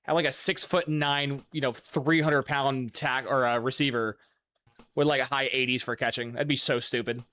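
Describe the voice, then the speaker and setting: A man's voice: medium pitch, fairly even intonation, normal speed, sharp tone, no room sound. A man giving casual, profane, sarcastic commentary while playing a video game. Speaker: gaming streamer.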